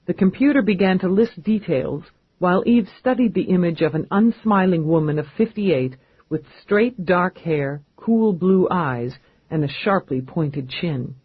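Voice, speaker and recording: A man reads a crime audiobook in a steady, measured way. His voice is husky and fairly high for a man. The recording is dry and slightly muffled. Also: dry recording. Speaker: audiobook narrator. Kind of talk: scripted narration.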